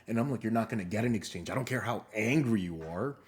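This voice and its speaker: A young man co-hosting a casual podcast, telling animated stories, swearing often and acting out what people said. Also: mid-range voice, quick pace. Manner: animated storyteller, swears a lot, acts out quotes. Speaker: podcast co-host. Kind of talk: casual storytelling chat.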